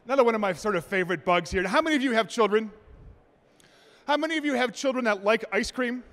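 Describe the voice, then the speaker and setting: A man giving a conference talk, telling jokes and acting out stories in an animated way. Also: very high voice, fast talker. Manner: animated, joking storyteller. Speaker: conference presenter. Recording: long hall reverb.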